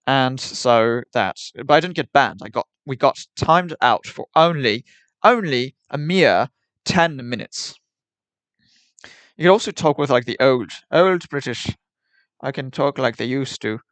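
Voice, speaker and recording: A man's voice: mid-range voice, no room sound. A young man chatting casually on a livestream in a rambling, wry way, with mock-formal phrasing.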